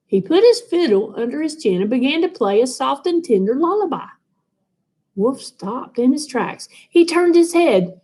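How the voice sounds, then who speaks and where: A woman reading a children's picture book aloud in an expressive, sing-song storytelling manner. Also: high-pitched, normal speed. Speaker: storybook reader.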